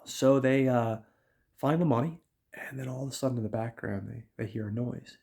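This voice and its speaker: A man's voice: mid-range voice, steady tone, moderate pace, creaky, a little mellow. A man hosting a casual show and recapping a film in a chatty, rambling, profane way. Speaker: podcast host.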